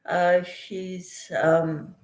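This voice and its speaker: A woman's voice: lowish voice, little pitch movement, very slow, roomy sound. A woman hosting a casual crochet livestream, chatting with viewers by name while she cooks in her kitchen. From Kansas. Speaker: crochet channel host. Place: home kitchen.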